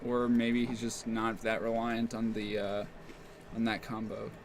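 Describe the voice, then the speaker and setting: A man's voice: on the low side, monotone, a little slow, slight background noise. A man giving casual live commentary on a card game match, thinking aloud with plenty of fillers. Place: game store.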